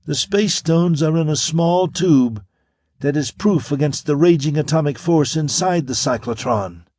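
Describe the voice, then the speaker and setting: A man's voice: on the high side, a little slow, dark tone, no echo, studio quality, voice pushed up. A man putting on a sultry, fiery alien woman. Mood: mechanical. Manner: purring, then spitting fury.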